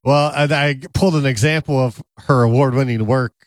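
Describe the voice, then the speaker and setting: A man's voice: medium pitch, steady tone, fairly quick, dry recording, studio quality. A man co-hosting a podcast, chatting casually in an amused, easygoing way. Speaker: podcast co-host. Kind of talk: casual chat.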